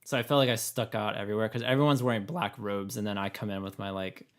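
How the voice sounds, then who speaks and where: Man, raspy voice, casual podcast chat, rambling, lots of "like". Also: fairly low pitch, steady tone, quick pace. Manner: rambling, many fillers and laughs. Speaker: podcast co-host.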